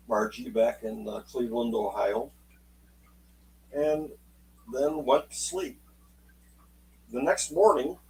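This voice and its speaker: A man telling a true story aloud in an unhurried, folksy way, voicing the people in it as he goes. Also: medium pitch, a little mellow, distant mic, a little hiss or hum, rough recording. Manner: unhurried, folksy, acts out quotes in dialogue. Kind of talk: spoken oral storytelling.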